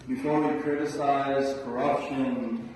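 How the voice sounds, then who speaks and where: Slow-speaking man in an echoey hall. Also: mid-range voice, fairly even intonation, a little mellow, far from the mic, a little hiss or hum. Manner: measured, earnest oratory with a slow deliberate rhythm. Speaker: symposium speaker. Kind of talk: formal prepared speech.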